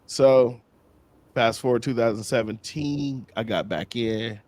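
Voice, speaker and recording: A man being interviewed, telling casual stories in a slangy, animated way and acting out other people's lines. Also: mid-range voice, measured pace. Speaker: interview guest. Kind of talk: casual storytelling.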